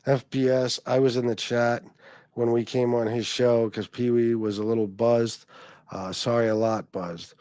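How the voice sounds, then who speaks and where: A man's voice: mid-range voice, steady tone, normal speed, darkish tone, dry recording, studio quality. A man hosting a livestream, chatting casually and rambling, swearing often and laughing as he reads comments from his viewers. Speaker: livestream host.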